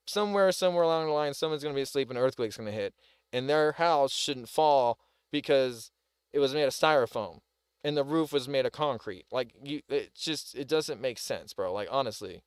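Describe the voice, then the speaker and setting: Here the same Southern-accented man sounds mid-range and brisk, with lively intonation and a smooth tone, recorded with no room sound. He's still heatedly rambling through casual commentary on a news video during a live stream, peppering it with "like" and "bro."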